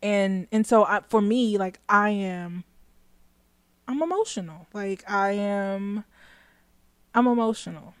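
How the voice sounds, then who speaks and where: A woman's voice: mid-range voice, animated, takes it slowly, pauses often, smooth, no echo. A woman talking through her thoughts on a casual talk show, circling back and restarting as she goes. Her voice sits in a middle range and the sound is dry and close. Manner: reflective, frequent self-restarts, laughs often. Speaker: podcast co-host. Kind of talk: casual chat.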